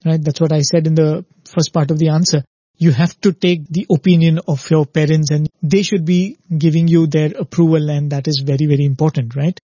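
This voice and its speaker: A man's voice: fairly high pitch, steady tone, fairly quick, dark tone, no echo, lo-fi sound. A man giving a spiritual talk who tells a parable earnestly and keeps checking in with the listener. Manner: earnest, repeats "very, very" and asks "right?". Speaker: spiritual speaker.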